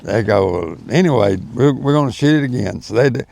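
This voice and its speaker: A man's voice: mid-range voice, animated, a little fast, gravelly, darkish tone, dry recording. An older man, telling folksy, rambling stories as an interview guest. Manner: rambling, folksy storyteller with many fillers. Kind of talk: storytelling in casual chat.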